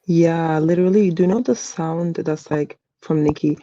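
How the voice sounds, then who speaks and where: A man's voice: a little high, fairly even intonation, normal speed, few pauses, dark tone, no echo. A young man in casual group discussion, chatty and full of "um" and "literally". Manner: chatty, many "um" and "literally" fillers. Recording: dull lo-fi sound.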